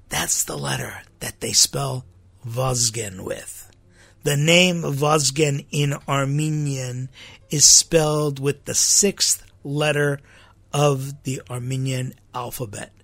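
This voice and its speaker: Priest-host, male, slightly high gravelly voice, casual and chatty, laughs a lot, dry close sound. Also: takes it slowly, fairly bright tone, no echo. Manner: chatty, laughs often, repeats words. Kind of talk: casual podcast monologue.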